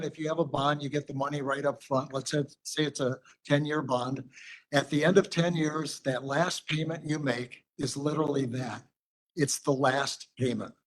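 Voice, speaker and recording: A man explaining his points in a measured way during public comment at a county board meeting. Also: a little high, rough recording.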